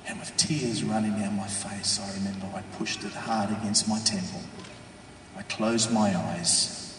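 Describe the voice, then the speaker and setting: A man tells his story from a stage in a large hall, his voice bouncing around the room with a long reverb. He is heard from a distance, with faint ambience behind him. He tells it with strong feeling, dropping low and then bursting out loud. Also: noisy background. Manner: emotional storytelling, swinging from hushed to shouting. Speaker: speaker giving a testimony. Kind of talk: dramatic testimony to an audience. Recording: echoey hall from far off.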